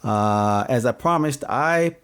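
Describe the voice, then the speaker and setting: A man's voice: mid-range voice, expressive, slow, fairly bright tone, clear, resonant tone. A man hosting a solo podcast, chatting casually with lots of fillers and repeating his questions. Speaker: podcast host. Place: home in Phoenix, Arizona.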